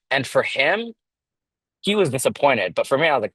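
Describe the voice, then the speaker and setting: A young man in his twenties tells a story in a relaxed, lively way, slipping into quoted dialogue. His voice sits in a middle register. The sound is dry and close, with little room around it. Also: mid-range voice, fast talker, no room sound. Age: 20s. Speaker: real estate agent guest. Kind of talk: casual storytelling.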